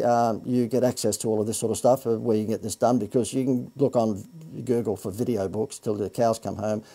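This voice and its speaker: A man giving a live sales pitch for a marketing course, rambling and correcting himself with joking asides. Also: vocal fry, mellow, breathy edge.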